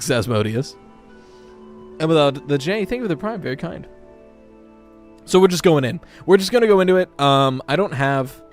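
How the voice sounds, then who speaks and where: Excitable man streaming live to chat. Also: medium pitch. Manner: excitable and animated, swears casually, talks to chat. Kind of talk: casual live-stream chatter reacting to a game trailer.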